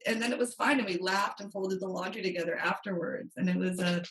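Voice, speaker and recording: A woman's voice: mid-range voice, quick pace, a bit bright, a little hiss or hum. A woman money coach, a guest on a podcast, telling a story animatedly and acting out quotes. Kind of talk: interview storytelling. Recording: roomy, distant from mic.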